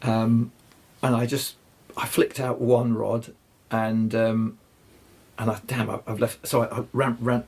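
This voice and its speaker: An older man, telling rambling fishing stories as a guest, halting and restarting often. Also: mid-range voice, flat delivery, darkish tone. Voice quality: gravelly, husky. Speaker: guest angler. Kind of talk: anecdotal storytelling.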